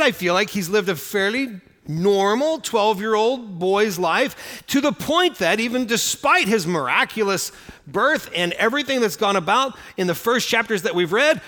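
A man with a high, animated voice delivers a sermon in an easygoing, conversational way, often tagging his points with "right?". His voice rings with a long reverb, as if from a large hall. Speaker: pastor. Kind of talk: expository sermon.

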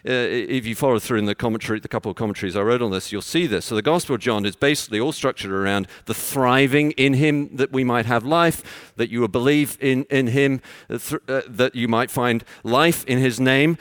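A man's voice: medium pitch, a little fast, few pauses, a bit bright, clear, resonant tone, no echo, clean studio sound. A man preaching an expository sermon, explaining his points in a teacherly way with everyday examples.

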